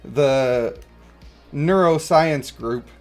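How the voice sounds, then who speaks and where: A man's voice: medium pitch, very slow, faint music behind. A man in his thirties streaming a game, rambling and chuckling as he answers chat. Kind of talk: casual livestream chat.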